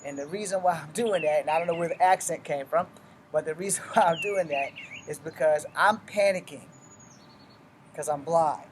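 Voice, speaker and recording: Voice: medium pitch, normal speed, slight background noise. A martial arts instructor giving a casual, step-by-step weapons demonstration, blunt and full of cursing. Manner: blunt and profane, with frequent cursing; explains step by step while moving through drills.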